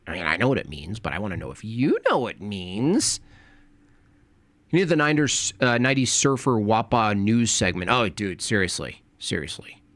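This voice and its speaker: Sarcastic man reacting to a clip, lively pitch, dry sound. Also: no room sound. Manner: sarcastic, rambling asides. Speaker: streamer reacting to a video. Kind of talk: casual reaction commentary.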